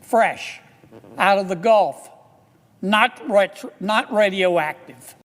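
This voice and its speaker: A man's voice: high-pitched, fairly bright tone. Earnest Southern man in a reverberant hall. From Louisiana. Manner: earnest, halting, with many "uh"s. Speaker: public speaker in an archive clip. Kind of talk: formal address.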